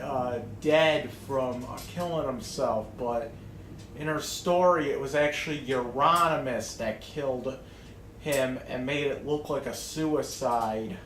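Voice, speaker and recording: Slow, rambling man ranting in an echoey room. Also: medium pitch, a bit bright, a little hiss or hum. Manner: rambling, profane, many restarts and fillers. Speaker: vlogger. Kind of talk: casual ranting monologue.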